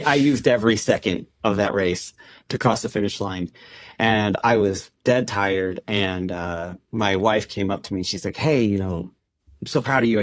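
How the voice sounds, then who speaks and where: A man's voice: lowish voice, dry recording. A man as a podcast guest, telling a personal story in a conversational way and acting out what people said to him. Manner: conversational, acts out quoted dialogue. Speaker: podcast guest, endurance club founder.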